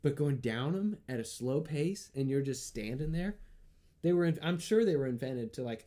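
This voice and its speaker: Podcast guy riffing and rambling, laughs a lot, mellow dark voice. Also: medium pitch, animated, moderate pace. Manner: rambling, laughs often, acts out his thoughts in a hushed voice. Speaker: podcast co-host. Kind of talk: casual comedic chat.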